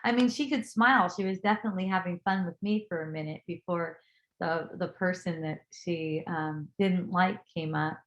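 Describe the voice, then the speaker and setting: A woman telling a personal story in a casual, animated way, acting out what others said and swearing now and then as she draws a life lesson from it. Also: lowish voice, moderate pace, dull audio. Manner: animated, acts out quoted voices, swears casually. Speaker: spiritual teacher. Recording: echoey room.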